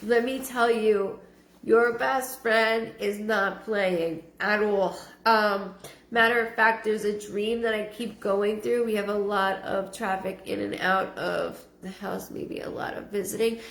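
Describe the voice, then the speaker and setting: A woman giving a live-streamed psychic reading, halting and repeating her words with frequent ums. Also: mid-range voice, fairly even intonation. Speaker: psychic medium. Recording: roomy echo.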